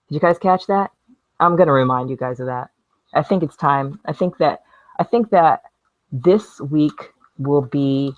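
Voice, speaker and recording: A woman's voice: deep voice, darkish tone, no room sound, dull audio. A woman in a casual vlog rant at home, blunt and sarcastic, swearing freely while she works with a glue gun. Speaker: video blogger. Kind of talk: casual talking-to-camera rant.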